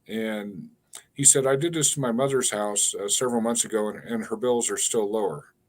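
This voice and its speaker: A man in his sixties tells a long story in an interview with a low, unhurried voice. He often stops on fillers and repeats his words before going on. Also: fairly even intonation. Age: 60s. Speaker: guest, energy healer.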